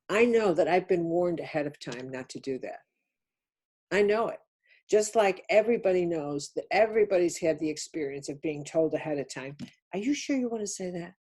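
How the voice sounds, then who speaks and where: A woman's voice: lowish voice, darkish tone, breathy edge. An older woman giving a spiritual teaching talk on a webinar, emphatic and insistent, repeating key words. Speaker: speaker on a webinar.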